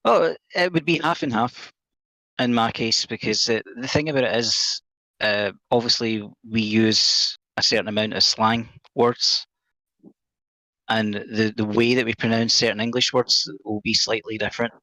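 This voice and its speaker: Scottish guy, glasgow accent, bright forceful voice, dry jokes, dead dry sound. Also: lowish voice, steady tone, normal speed, no room sound, low-quality recording. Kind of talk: casual panel chat.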